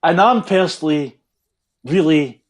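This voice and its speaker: A man's voice: on the high side, animated, a little slow. A man co-hosting a podcast, trading dry, teasing jokes. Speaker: podcast co-host. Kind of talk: casual podcast banter.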